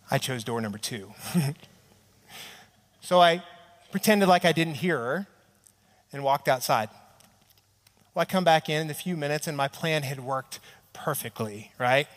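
A man's voice: a little high, unhurried, pauses often, in a large hall. A man preaching a sermon to a church audience in a conversational, storytelling way, often checking in with "right?" and acting out little quotes. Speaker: pastor. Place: large church hall with an audience.

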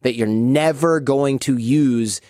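An American man in his late thirties, a podcast guest telling lively stories with quick asides. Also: medium pitch, no echo, studio quality. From United States. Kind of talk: storytelling interview.

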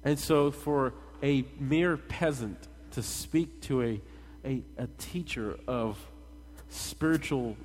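A man's voice: medium pitch, slight background noise. Conversational male preacher in a reverberant hall. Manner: animated, conversational, addresses the congregation directly. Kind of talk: sermon.

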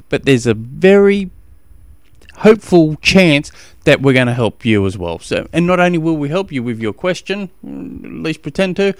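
A man's voice: medium pitch, no room sound. A middle-aged Australian man hosting a podcast as a triathlon coach, talking in a chatty, rambling, self-mocking way with many restarts. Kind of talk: casual podcast monologue.

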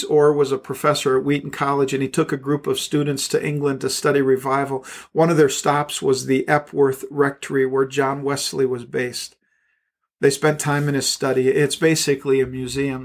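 Male pastor, gravelly voice, fervent repeated prayer lines, flat-ish melody. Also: medium pitch. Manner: fervent, repetitive prayerful cadence. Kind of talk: podcast sermon and prayer.

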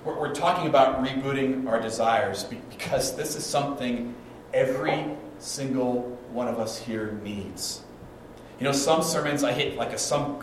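Pastor preaching in an echoey church. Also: male voice, mid-range voice, a little hiss or hum. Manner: storytelling preacher, acts out quotes, dynamic swings in volume. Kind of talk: sermon. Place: church sanctuary. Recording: echoey church hall, mic at a distance.

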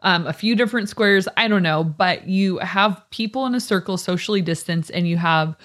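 A woman co-hosting a podcast, talking in a chatty, animated way and laughing often. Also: on the low side, normal speed. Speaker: podcast co-host. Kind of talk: casual podcast chat.

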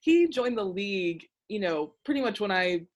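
A young woman hosting a casual chat, telling a story in an animated, excitable way with lots of filler words. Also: medium pitch, moderate pace. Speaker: podcast host.

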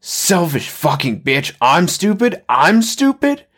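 A man's voice: high-pitched, big pitch swings, slow pace, a bit bright, slightly rough, voice pushed up, heavily acted. A man voicing a drunk, violent young man who screams abuse in a rage. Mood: screaming rage.

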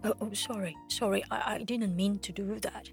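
A man's voice: sits high, fairly even intonation, moderate pace, creaky, soft background music. A woman voicing a posh, awkward man who keeps apologizing and asking permission, hesitant and stammering. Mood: apologetic. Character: awkward posh pale man, overly polite in bed.

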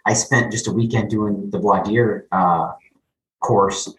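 Male interviewer, mid pitch, encouraging, echoey room recording. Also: fairly even intonation, takes it slowly. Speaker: podcast host. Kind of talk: podcast interview. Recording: roomy room with faint background noise.

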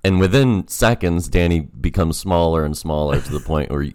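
A man's voice: low voice, normal speed, a little mellow, dry recording, clean studio sound. A man telling a story in a casual podcast chat, laughing often as he goes. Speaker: podcast guest.

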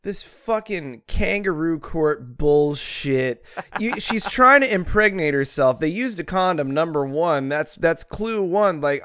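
A man co-hosting a podcast in casual banter, crude and quick to get outraged. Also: a little high, expressive, fairly bright tone, no echo, clean studio sound. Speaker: podcast co-host.

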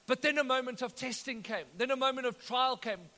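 A man's voice: very high voice, fairly quick, bright, forceful tone. A man, preaching a sermon and retelling the text as a story with joking asides. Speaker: pastor. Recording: echoey hall.

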